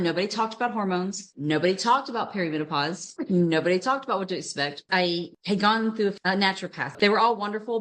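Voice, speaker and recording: A middle-aged woman with a slightly low voice tells her story as a podcast guest. She speaks candidly and emphatically, dotting her sentences with "like." The delivery is personal and conversational. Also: a bit bright, rough recording. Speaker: guest, health coach.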